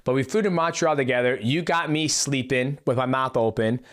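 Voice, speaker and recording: A man hosting a podcast, telling a story in a relaxed, self-correcting way. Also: medium pitch, fairly quick. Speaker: podcast host. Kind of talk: casual chat.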